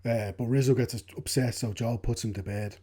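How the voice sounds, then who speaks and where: A man co-hosting a film podcast, talking in a relaxed way about the story with plenty of hedges. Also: mid-range voice, normal speed, breathy edge. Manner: relaxed, hedging with fillers, laughs along. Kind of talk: casual film discussion.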